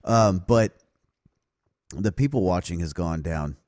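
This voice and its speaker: A man co-hosting a podcast in casual chat, an animated storyteller who laughs often. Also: deep voice, slow, no echo, clean studio sound. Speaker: podcast co-host.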